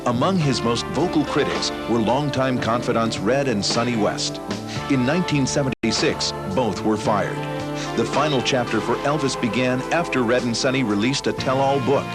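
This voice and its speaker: A man reading a scripted documentary narration in a measured, dramatic way. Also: medium pitch. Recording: loud music bed behind voice. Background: loud music.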